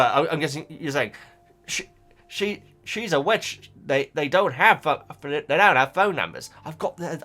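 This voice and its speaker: A man's voice: a little high, a bit bright. Stammering chatty man. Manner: rambling, stammers and repeats words while thinking aloud. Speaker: YouTube reaction host reading a book. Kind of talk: casual reading reaction chat.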